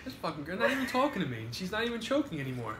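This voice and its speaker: A man hosting a casual livestream, joking and swearing freely. His voice sits a touch high and swings around a lot. The sound is roomy and echoey, with steady noise behind him. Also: very fast. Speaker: host of a pizza review livestream. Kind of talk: casual on-stream banter. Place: indoors at a table during a livestream.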